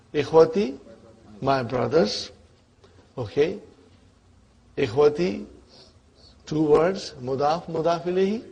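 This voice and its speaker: A male teacher leads a classroom grammar lesson, patient and prodding, often checking whether his students are keeping up. His voice sits a little high and has a husky edge. He takes his time, spelling out each term slowly. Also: warm tone. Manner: quizzes students with frequent prompting checks; patient, repeats terms slowly.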